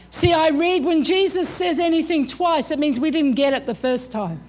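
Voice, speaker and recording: Woman preacher, middle-aged, high-pitched, emphatic sermon delivery. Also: expressive, normal speed, few pauses, a little mellow. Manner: emphatic, repeats "come on".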